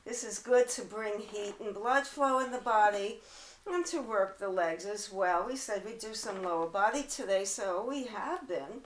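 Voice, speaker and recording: A woman leading a pilates workout at home, a little out of breath, calmly cueing moves and counting reps. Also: mid-range voice, normal speed, echoey room, slight background noise, rough recording. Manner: calm counting and cueing while exercising. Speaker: pilates instructor. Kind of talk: guided workout instruction. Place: home apartment.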